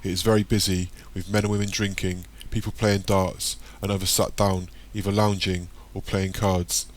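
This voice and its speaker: A man narrating an audiobook in a plain, steady reading voice. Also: sits low, moderate pace. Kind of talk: scripted narration.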